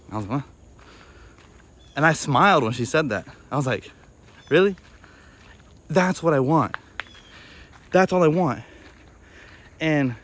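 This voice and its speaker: A young man speaking in a personal vlog, his delivery flat and deadpan, full of restarts and trailing thoughts. His voice sits at an ordinary middle pitch, and he talks in a candid, self-reflective way. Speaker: video creator.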